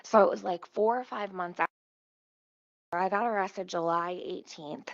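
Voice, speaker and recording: A woman's voice: fairly low pitch, gravelly, no room sound, dull audio. Swearing woman telling a rambling story. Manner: profane, rambling and animated. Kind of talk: casual storytime. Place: at home near her kitchen stove.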